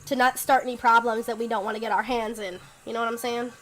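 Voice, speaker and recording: A woman's voice: on the high side, flat delivery, fast talker, poor audio. A young woman streaming a story game, chatting casually, thinking aloud and asking her viewers what to pick.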